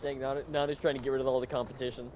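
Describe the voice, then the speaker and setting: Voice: medium pitch, level tone, rapid-fire, noisy background. A person chatting eagerly with friends during a game stream, filling stories with "like" and "um". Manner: chatty, eager storyteller with fillers. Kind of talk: casual gaming chat.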